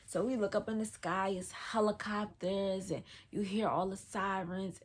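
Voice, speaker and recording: A woman's voice: medium pitch, steady tone, measured pace. A woman vlogger telling a personal story in a casual storytime, slangy and loose, full of "like" fillers.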